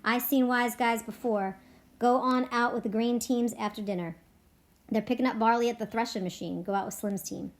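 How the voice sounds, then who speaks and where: A woman reading aloud, voicing a blunt, suspicious middle-aged ranch boss with a rough rural American drawl. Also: a little high, fairly even intonation, normal speed, natural voice. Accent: rough rural American drawl, put on. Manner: blunt, clipped, drawling ranch-hand talk.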